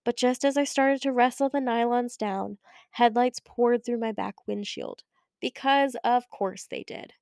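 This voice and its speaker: A young woman narrating a first-person audiobook with a wry, expressive way of telling the story. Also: fairly high pitch, measured pace, vocal fry, dry recording, clean studio sound. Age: young adult. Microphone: close studio mic.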